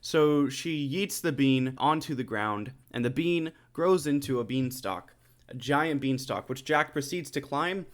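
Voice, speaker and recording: A man casually recapping a musical's plot for his channel, joking and paraphrasing the characters in offhand quick voices. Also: medium pitch, lively intonation. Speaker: movie recap host.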